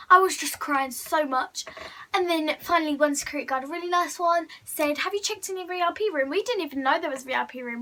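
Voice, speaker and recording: A teenage girl tells her fan story to camera in a high voice. She gushes breathlessly and fills her talk with "like". Her tone is bright and sharp. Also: brisk, rough recording. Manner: gushing, breathless storytelling with many likes. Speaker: vlogger. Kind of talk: excited fan story vlog.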